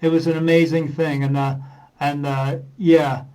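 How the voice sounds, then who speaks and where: Higher-voiced man telling rambling anecdotes. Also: flat delivery, normal speed, warm tone, smooth, poor audio. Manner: rambling anecdotes, acting out dialogue with many uh fillers. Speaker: medium, podcast guest. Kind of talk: casual storytelling in a podcast interview.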